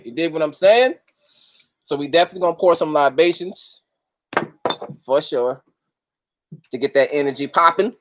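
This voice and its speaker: A man's voice: a little high, normal speed, pauses often. A man hosting a casual livestream, greeting viewers by name and talking loosely with street slang and plenty of profanity. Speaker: host of a livestream talk.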